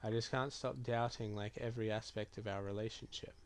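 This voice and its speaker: A man streaming a game, reading typed chat messages and reply choices aloud in a low-key, musing way. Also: steady tone, a little fast. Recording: clear keyboard typing behind voice.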